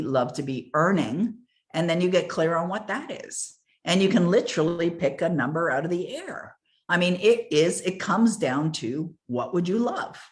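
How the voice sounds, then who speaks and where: An older woman giving an earnest, emphatic motivational coaching talk, repeating key words for stress. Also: on the low side. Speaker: success coach.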